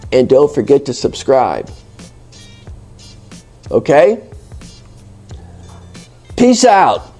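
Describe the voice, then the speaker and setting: Medium in pitch but full of huge swings, his warm voice moves very slowly and pauses often. An American English teacher and channel host, he rambles through a casual lesson, teasing his viewers with plenty of fillers and restarts, over faint background music.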